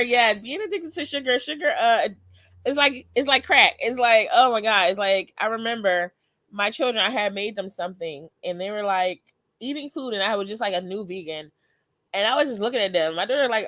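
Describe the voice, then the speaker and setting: A woman's voice: medium pitch, animated, moderate pace, fairly bright tone, no echo. A woman in her thirties hosting a live motivational stream, talking casually and often laughing as she greets viewers. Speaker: host.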